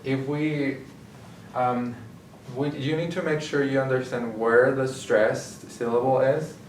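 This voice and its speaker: A man's voice: mid-range voice, steady tone, takes it slowly. A man explaining grammar step by step in a recorded lesson as a tutor, often checking in with "okay?". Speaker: Spanish tutor. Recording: echoey room, mic at a distance, faint hiss.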